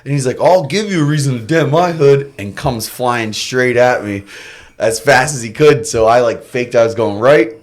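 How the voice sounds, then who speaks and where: A man's voice: medium pitch, moderate pace. A young man from Florida, a podcast guest, telling wild stories casually and laughing, acting out the lines of the people in them. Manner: laughing, animated anecdotes with acted-out quotes. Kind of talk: casual storytelling.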